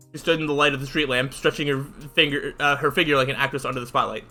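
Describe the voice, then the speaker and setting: A man's voice: mid-range voice, fairly even intonation, fast talker, hardly any pauses, sharp tone, soft background music. A man reading a visual novel aloud in a casual way, with fillers and side comments. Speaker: channel host reading aloud.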